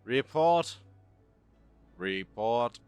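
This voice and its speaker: A man voicing a male soldier rushing in with an urgent battle report, loud and pressing. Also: mid-range voice, expressive, clean tone, no room sound, faint music behind.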